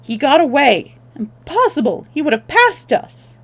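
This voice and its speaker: A woman's voice: high voice, very animated, measured pace, a bit bright, voice pushed up, exaggerated voice. Woman doing a furious swearing villain. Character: savage male villain, hot-tempered.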